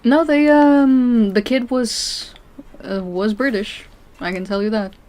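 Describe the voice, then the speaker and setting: A young Portuguese woman live-streams a video game and chats casually with her viewers. Her voice sits a little high and sounds slightly mellow, with a slow pace. She's chatty, answers chat, and often laughs and trails off.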